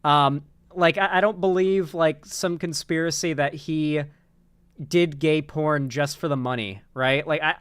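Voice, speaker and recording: A man with a fairly high voice talks straight into a dry, close mic, hosting a loose online commentary show. He rambles and restarts his sentences often, swearing casually as he goes. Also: fairly even intonation, measured pace, a bit bright, smooth, no echo. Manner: rambling, many restarts and fillers, swears freely. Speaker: political commentary host.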